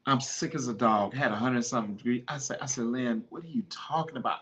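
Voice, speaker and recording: A man hosting a podcast, urging listeners to honor their mothers and telling the story of losing his own, by turns fervent and hushed with grief. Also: mid-range voice, fairly quick. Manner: impassioned, pleading, then hushed and grieving. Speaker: podcast host. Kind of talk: emotional personal storytelling.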